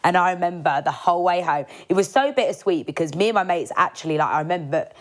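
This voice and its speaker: A young woman hosting a solo podcast, telling a story in a chatty, animated way, acting out quotes and laughing often. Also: lowish voice, fast. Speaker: podcast host.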